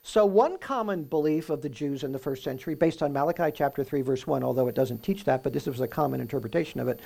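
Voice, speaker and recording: A man preaching through a Bible passage in a conversational way, often checking in with "right?" and reading the verses slowly with emphasis. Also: mid-range voice, creaky, warm tone. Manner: reads scripture aloud slowly and with emphasis. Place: room with a live audience.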